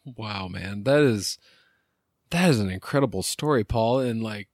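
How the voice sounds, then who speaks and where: A man's voice: lowish voice, measured pace, no room sound, studio quality. A man hosting a podcast interview, giving short emotional reactions. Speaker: podcast host.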